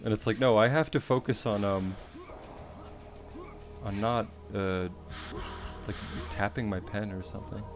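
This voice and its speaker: A man from Australia talks loosely on his live stream, drifting from thought to thought with dry, wry humor and casual swearing. His voice sits low and has a rough, gravelly edge. Music plays softly underneath. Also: steady tone, unhurried, pauses often.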